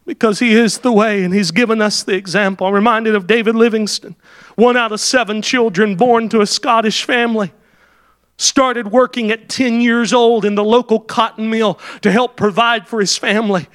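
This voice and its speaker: A high-pitched man preaches with fervor. He builds to loud, shouted peaks and often breaks in with an exclamation of "Oh". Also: fairly even intonation, normal speed. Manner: fervent, rising to shouts at climaxes, exclaims "Oh". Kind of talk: sermon.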